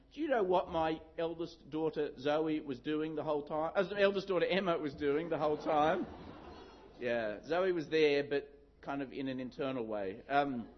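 A middle-aged man preaching a sermon, telling a story with lively acted-out shouts. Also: a little high. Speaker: pastor. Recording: dull lo-fi sound.

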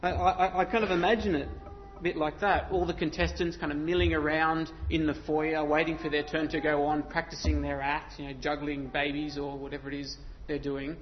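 A man's voice: on the high side, little pitch movement, brisk. A man preaching a sermon in church, talking in a conversational way with self-deprecating asides. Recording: slightly dull sound with faint noise.

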